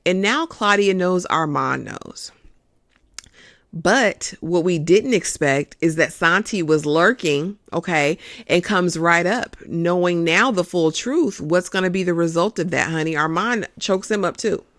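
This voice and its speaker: A host giving a casual, expressive recap of a TV episode, calling listeners "honey" as they go. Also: mid-range voice, unhurried, dry recording.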